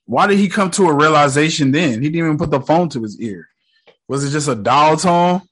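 A man's voice: fairly high pitch, lively intonation, a little fast, a bit bright, breathy edge, no echo. A man giving casual, slangy reaction commentary, talking back at what he watches with a blunt, running manner. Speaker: reaction video host.

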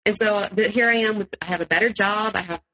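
A woman with a bright, clear voice recounts her own story as a podcast guest. She tells it animatedly, slipping into the voices of the people she quotes. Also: mid-range voice, fast, rough recording. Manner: animated, acts out quotes, laughs often. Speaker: interview guest. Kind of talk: personal storytelling in an interview.

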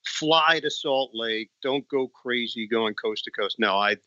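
A man's voice: medium pitch, unhurried, sharp tone, no room sound. A man who works as a sports play-by-play announcer, a podcast guest with dry, sarcastic humor, on dull lo-fi remote audio. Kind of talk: casual podcast chat.

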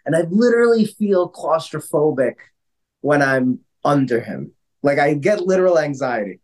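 A man co-hosting a casual podcast, telling stories in an animated way with lots of fillers and some swearing. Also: fairly high pitch, moderate pace. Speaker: podcast co-host. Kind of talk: casual chat.

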